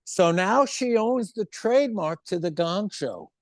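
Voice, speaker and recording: Animated older man telling a story. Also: high-pitched, unhurried, dry recording. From United States. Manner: animated storyteller acting out quoted voices, swears freely. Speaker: interview guest. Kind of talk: casual anecdote telling.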